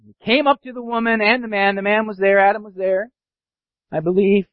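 A pastor preaching a sermon, animated, sometimes acting out sarcastic voices. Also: male voice, high voice, brisk, no room sound. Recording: dull dry lo-fi sound.

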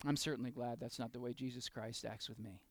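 A man preaching a sermon, moving between loud, slow emphasis and soft, intimate asides, and putting questions straight to the congregation. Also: mid-range voice, steady tone. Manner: talks directly to the congregation with questions. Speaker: pastor.

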